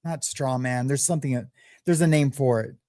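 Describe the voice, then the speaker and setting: A man's voice: mid-range voice, a little fast, warm tone, no echo, studio quality. A man commenting bluntly and mockingly over news clips in casual talk. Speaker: streamer reacting to a news clip.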